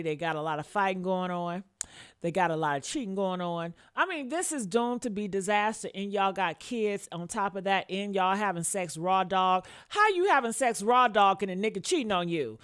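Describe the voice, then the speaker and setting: A woman's voice: fairly high pitch, a bit bright. A woman in her fifties giving casual live commentary on a crime case, blunt and profane, talking straight to her viewers. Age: 50s. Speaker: commentary vlogger.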